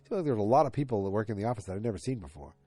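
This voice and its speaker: A man's voice: lowish voice, expressive, rapid-fire, dark tone, slightly rough, no echo. A man hosting a podcast, retelling a TV episode in a loose, rambling way with lots of fillers and restarts. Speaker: podcast host. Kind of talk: casual episode recap.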